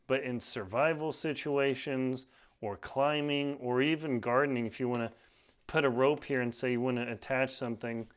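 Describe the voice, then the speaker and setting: A man's voice: medium pitch, clear, resonant tone. A man casually demonstrating and explaining a climbing knot step by step, in a plain, practical way while working with his hands. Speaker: outdoor skills instructor. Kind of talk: casual knot-tying tutorial.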